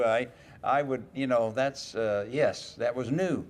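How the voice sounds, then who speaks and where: An older man as an interview guest, telling folksy stories and acting out quoted lines in lively voices. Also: medium pitch, unhurried, slight background noise. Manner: folksy anecdotes, quoting others in lively voices. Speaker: interview guest, retired racing driver. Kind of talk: casual storytelling interview.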